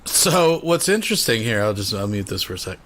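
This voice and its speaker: A man hosting a livestream, giving relaxed, chatty commentary that explains what the viewers just saw. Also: lowish voice, a little fast. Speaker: stream host reacting to clips. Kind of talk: casual reaction commentary.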